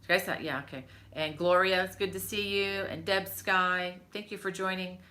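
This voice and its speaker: Speaking at a normal pace with fairly even intonation and a fairly low pitch, this crochet channel host is a middle-aged woman streaming live from her home. Her casual chat is full of fillers and friendly greetings to viewers by name.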